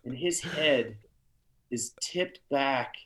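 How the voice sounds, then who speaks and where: Give me a man as a podcast guest, earnest and heartfelt, with a medium-pitched voice. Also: fairly bright tone, a little hiss or hum. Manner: earnest, heartfelt, with halting restarts. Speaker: podcast guest, TV show star. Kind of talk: casual interview storytelling.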